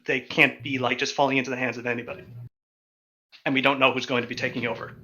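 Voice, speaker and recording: A man's voice: mid-range voice, flat delivery, fast talker, sharp tone, close to an everyday voice. A man voicing a stiff government official who answers in curt, formal refusals. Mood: anxious. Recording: dull lo-fi audio.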